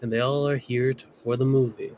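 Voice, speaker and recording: A man's voice: medium pitch, little pitch movement, fairly quick, darkish tone, slight background noise, poor audio. A man co-streaming a game, reading character lines and hamming up a put-on Southern accent. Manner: playful, drawls in a put-on Southern voice.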